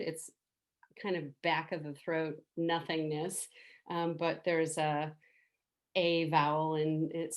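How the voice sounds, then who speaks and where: A middle-aged woman teaching a meditation softly and without hurry, guiding listeners to make the sounds along with her. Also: low-pitched. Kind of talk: gentle spoken meditation teaching.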